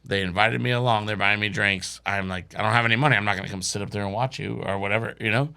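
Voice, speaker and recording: A man's voice: on the low side, fairly even intonation, quick pace, vocal fry, pushed and bright, clean tone. A young man telling a wild story on a comedy podcast, acting out quotes and swearing freely. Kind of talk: casual storytelling.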